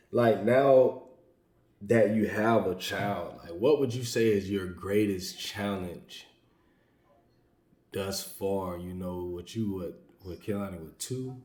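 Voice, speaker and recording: Laid-back man with a dark, echoey sound. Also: sits low, takes it slowly. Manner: laid-back, affirming, lively bursts of emphasis. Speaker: podcast host. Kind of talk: casual interview chat.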